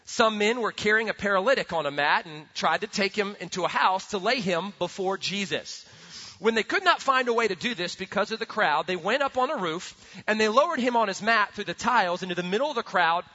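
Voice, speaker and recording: A man with a high, bright voice preaches earnestly in a large church hall, his words trailing off into a long echo. He tells stories with animation and repeats himself as he builds each point. The recording sounds somewhat muffled. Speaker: pastor. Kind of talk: sermon.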